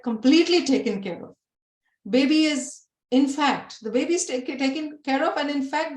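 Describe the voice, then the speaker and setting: A woman's voice: a little high, darkish tone. A woman giving a religious lesson, explaining patiently with everyday examples and asking rhetorical questions she answers herself. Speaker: Quran teacher. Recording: echoey room.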